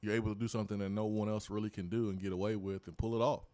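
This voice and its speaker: A man's voice: fairly low pitch, flat delivery, very fast, dark tone, dry recording. A man hosting a live sports talk show, casual and opinionated, talking into a studio mic.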